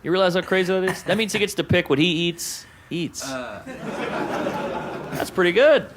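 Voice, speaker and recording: A man's voice: high-pitched, moderate pace. An American man in his thirties performing a stand-up comedy set with punchy, wisecracking delivery. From United States. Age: 30s. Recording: noisy live comedy recording.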